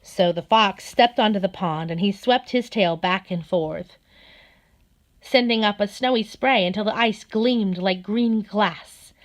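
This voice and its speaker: A woman narrating a children's storybook in a gentle, steady manner. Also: medium pitch, unhurried. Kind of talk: storybook read-aloud.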